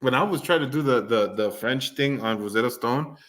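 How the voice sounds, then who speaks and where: Fairly quick and a bit bright, a mid-range male voice belongs to a podcast co-host whose native language is Spanish. He chats casually and rambles, restarting many times and acting out voices, in a recording with roomy echo.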